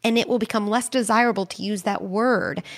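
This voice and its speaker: A middle-aged woman, the host and parenting expert, calmly explaining advice on an advice podcast. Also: medium pitch, a little fast, vocal fry. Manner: calm, explanatory, reassuring.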